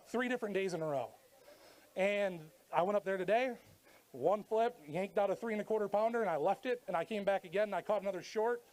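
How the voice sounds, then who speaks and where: A man's voice: high-pitched, a little mellow. A man, an angler, talking casually on a handheld mic outdoors at a weigh-in stage, recapping his day in a plainspoken, rambling way. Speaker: tournament angler. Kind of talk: casual post-weigh-in interview.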